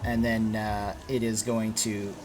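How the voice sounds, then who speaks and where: A man's voice: on the low side, level tone, takes it slowly, a little mellow, a little hiss or hum. A man running a tabletop game, explaining rules with lots of fillers and restarts. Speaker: game master.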